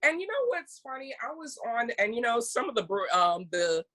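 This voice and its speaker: A woman's voice: on the high side, normal speed. A young American woman co-hosting a podcast, telling stories in casual chat and acting out the quotes. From United States. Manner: animated storytelling, acting out quotes. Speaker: podcast co-host.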